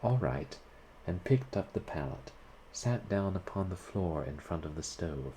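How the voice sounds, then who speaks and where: A man reads a classic short story aloud in a measured, deliberate manner. His voice is deep and low, and he takes his time, unhurried from line to line. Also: warm tone, slight background noise, rough recording. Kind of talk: audiobook-style story reading.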